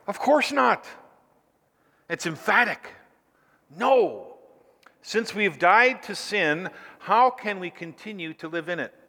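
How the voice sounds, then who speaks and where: A man's voice: sits high, animated, slow, pushed and bright, big-room sound. A man preaching a sermon as pastor, stretching key phrases out for emphasis.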